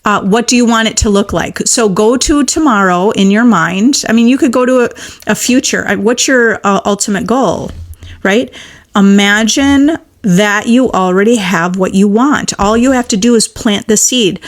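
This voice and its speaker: A woman's voice: mid-range voice, moderate pace. A woman manifestation coach on a live stream, reading viewer comments and encouraging listeners with repeated affirmations in a casual, chatty way.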